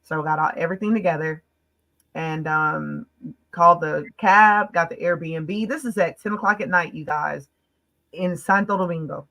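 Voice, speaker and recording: An American woman, a guest on a podcast, tells a personal story in casual chat, speaking emphatically and quickly with plenty of "like" fillers. Her low voice carries vocal fry and sounds pushed and bright, though the audio quality is poor.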